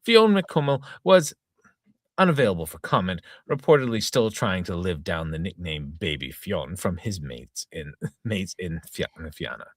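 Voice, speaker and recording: A man's voice: sits low, lively intonation, moderate pace, no room sound, studio quality. A middle-aged man hosting a casual reading podcast, reading a comic news-style story aloud in a mock-dramatic newsreader tone, stumbling and restarting over words. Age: 40s to 50s. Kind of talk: casual read-aloud with tongue-in-cheek news delivery.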